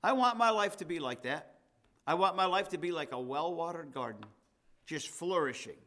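A man's voice: a little high, animated, moderate pace, a bit bright. A man, the pastor, preaching a sermon in a conversational way and reading scripture with rising emphasis.

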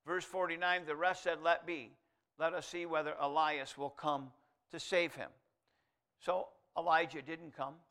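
A male preacher giving a sermon, reading scripture aloud and moving from quiet asides to loud, emphatic declarations. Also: a little high, fairly even intonation, unhurried. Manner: reads scripture aloud in King James wording.

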